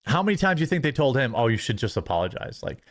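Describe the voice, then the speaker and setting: A man's voice: medium pitch, sing-song, very fast, no echo. A man streaming a ranting commentary, contemptuous of his critics and mocking them. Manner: contemptuous, mocks critics in sneering voices.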